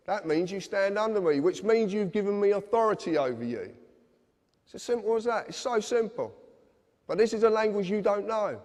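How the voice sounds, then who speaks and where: A man's voice: high voice, moderate pace, a little mellow. Earnest man lecturing in a reverberant hall. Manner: earnest, insistent, addresses listeners directly. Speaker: public speaker. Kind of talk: lecture to a live audience.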